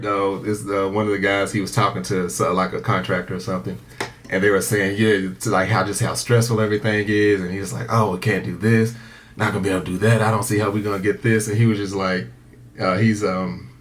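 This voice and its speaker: A middle-aged man co-hosting a podcast, telling stories in a rambling, halting way with many fillers. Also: low voice, a little hiss or hum. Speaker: podcast co-host. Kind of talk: casual chat.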